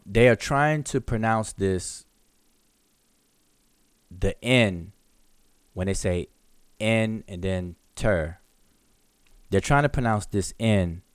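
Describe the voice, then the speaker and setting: A man with a very low, deep voice teaches in a live online question-and-answer lesson. He explains step by step, often repeating and restarting words as he sounds out examples. The sound is dry and close to the mic. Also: no echo. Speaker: hieroglyphics teacher.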